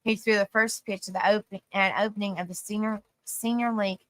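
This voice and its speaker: Southern lady reading facts on stream, trips on big words, bright voice, dry mic. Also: medium pitch, steady tone, a little fast, no echo. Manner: reads facts aloud, stumbles over words, thanks viewers warmly. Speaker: host. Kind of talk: livestream reading and chat.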